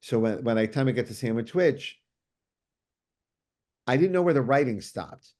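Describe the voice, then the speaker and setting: A middle-aged man, a comics writer guest, telling stories in casual chat, animated and quick with many restarts and fillers. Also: mid-range voice. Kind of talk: casual storytelling.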